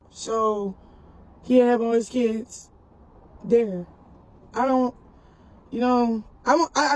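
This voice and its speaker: A rough recording captures a mother addressing her audience, her voice fairly high in pitch and a little mellow. The casual, heartfelt video message rambles earnestly, circling back with the repeated fillers "for real" and "you know what I'm saying."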